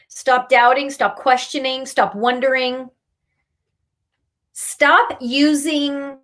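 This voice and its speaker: Woman host, live card reader, higher voice, slow and emphatic, tough-love scolding. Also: fairly bright tone. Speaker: spiritual reader and meditation host. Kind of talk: live-streamed card reading.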